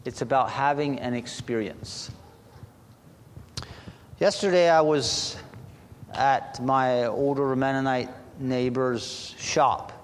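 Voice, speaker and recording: A man preaching a sermon to a congregation, talking slowly and deliberately with halting restarts. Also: medium pitch, a little hiss or hum. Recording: long hall reverb.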